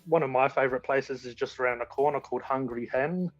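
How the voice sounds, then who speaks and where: A man's voice: mid-range voice, fast, no room sound, faint music behind. Rambling man on lo-fi audio. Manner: enthusiastic, rambling with restarts. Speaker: guest. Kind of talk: casual chat. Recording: dull lo-fi audio.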